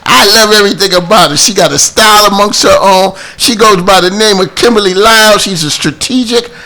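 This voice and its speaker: A man with a Boston accent hosting a casual talk show, loud, animated and jokey. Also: high-pitched, a little fast. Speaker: host.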